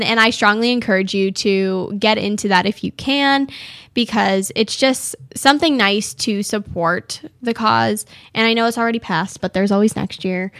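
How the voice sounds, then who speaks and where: A woman's voice: fairly high pitch, vocal fry, a bit bright, no room sound, clean studio sound. A teenage girl from California hosting her own radio show, chatting and rambling with frequent giggles. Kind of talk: casual solo talk show.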